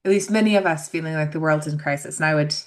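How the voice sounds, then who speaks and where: A woman hosting a podcast, asking thoughtful, measured questions. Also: low voice. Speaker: podcast host. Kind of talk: interview questions.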